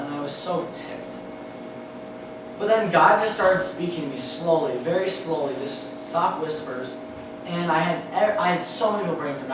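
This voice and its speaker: A man's voice: a little high, distant mic, background noise. A young man giving an earnest, emotional personal faith testimony, often repeating himself. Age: young adult. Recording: very echoey hall, voice off-mic.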